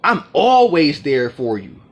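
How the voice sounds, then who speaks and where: A man's voice: a little high, very animated, takes it slowly, lo-fi sound. A man in an aggrieved, profane monologue to the camera, repeating his points as he rants. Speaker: vlogger.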